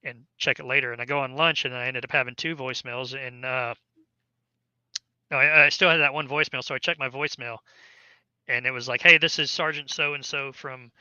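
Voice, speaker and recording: A man's voice: mid-range voice, pushed and bright, clean tone, dry recording, muffled recording. A man, an army veteran, casually telling a long story in an interview, rambling with many fillers and restarts.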